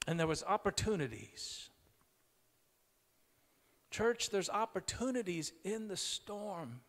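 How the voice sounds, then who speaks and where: A middle-aged man preaching a sermon as a pastor in a church, moving from storytelling to loud, emphatic preaching. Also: sits high, animated, takes it slowly. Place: church sanctuary. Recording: long hall reverb.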